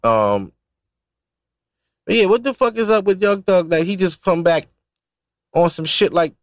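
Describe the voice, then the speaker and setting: A man's voice: sits high, expressive, unhurried, dry recording. Male solo podcast host, casual and profane, rambling talk, dry close sound. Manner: loose, profane, rambling, laughs often.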